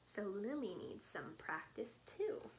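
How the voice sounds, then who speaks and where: A woman voicing a shy, fretful toy kangaroo in a read-aloud storybook, with soft worried thoughts. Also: medium pitch, big pitch swings, slow pace, slight background noise, low-quality recording.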